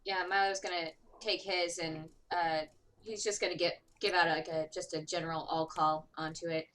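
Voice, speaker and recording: Bright-voiced woman player, tentative. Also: fairly low pitch, little pitch movement, normal speed, a little hiss or hum. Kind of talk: tabletop game play.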